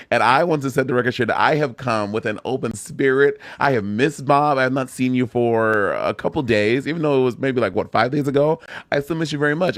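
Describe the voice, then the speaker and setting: A man's voice: medium pitch, no room sound. A man co-hosting a podcast in casual chat, sassy and emphatic, swearing freely. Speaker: podcast co-host.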